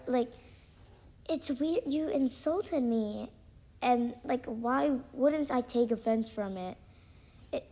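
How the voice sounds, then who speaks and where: Woman host, solo casual podcast; slightly high, slow, filler-heavy delivery, mildly exasperated. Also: dark tone. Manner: chatty and exasperated, full of ums and likes. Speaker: student.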